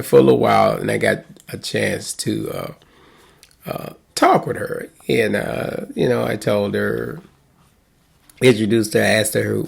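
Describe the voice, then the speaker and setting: A man's voice: on the low side, creaky, breathy edge. A middle-aged man, a pastor, casually telling a rambling story with chuckles and restarts. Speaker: pastor and host.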